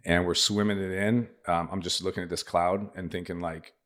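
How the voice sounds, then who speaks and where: A middle-aged man appears as a podcast guest, speaking in a low-pitched, brisk voice. In casual chat he tells a long story, animatedly acting out what other people said.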